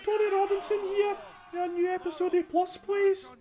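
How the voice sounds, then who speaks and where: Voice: extremely high pitch, flat delivery, moderate pace, warm tone. A host with a Scottish accent giving casual, rambling commentary over gameplay, chatty and full of restarts. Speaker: gaming channel host.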